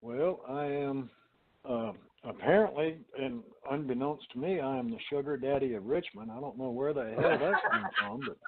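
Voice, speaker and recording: A man's voice: fairly high pitch, creaky. Folksy joking man on a phone line. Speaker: guest medium. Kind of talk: casual talk radio chat. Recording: tinny phone-line audio.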